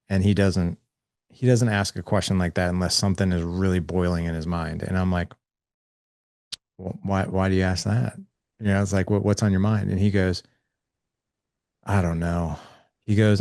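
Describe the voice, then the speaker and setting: Deep gravelly man telling a story. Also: steady tone, a little fast, darkish tone, no room sound, studio quality. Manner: earnest, acts out quoted dialogue with his son. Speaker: guest. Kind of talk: candid conversational storytelling.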